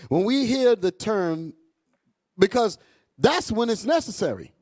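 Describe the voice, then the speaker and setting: Animated preaching man, wildly swinging voice. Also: unhurried. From United States. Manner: loud, animated, swings high and low, profane, asks crowd "y'all all right?". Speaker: bishop preaching to a congregation. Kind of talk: fiery street-preaching sermon.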